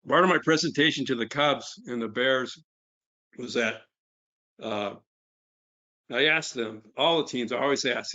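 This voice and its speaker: A man's voice: mid-range voice, a bit bright, lo-fi sound. Middle-aged man, conversational presenter. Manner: conversational, fillers, quotes others. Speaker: nonprofit founder. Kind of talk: webinar presentation.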